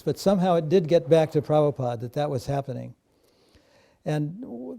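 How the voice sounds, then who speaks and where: A man telling a personal story in a measured, steady way, with occasional fillers. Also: fairly high pitch, vocal fry. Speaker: devotee recalling memories. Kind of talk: personal reminiscence.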